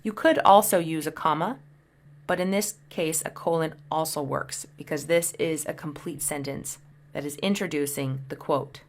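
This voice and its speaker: A woman's voice: sits low, fairly even intonation, moderate pace, a little hiss or hum. A woman teaching English punctuation, patiently explaining each example and reading the sample sentences aloud. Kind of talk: explaining grammar over slides.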